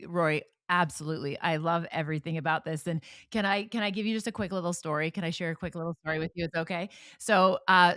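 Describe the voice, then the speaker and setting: A lower-pitched middle-aged woman hosting a podcast conversation. She tells her stories with animation and slips into the voices of the people she quotes. Her voice sounds close and dry. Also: a bit bright, no echo. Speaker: podcast host. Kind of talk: conversational interview.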